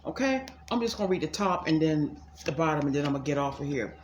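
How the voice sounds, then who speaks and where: A woman's voice: deep voice, lively intonation, fast, highs cut off. A woman from the DC rambles through a casual tarot reading at home, talking to her viewers as y'all and circling back over the same words. Her voice sits in a middle range and carries a noticeable room echo. A faint hum of background noise sits underneath. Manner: chatty, addresses viewers as y'all, repeats herself. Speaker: psychic tarot reader.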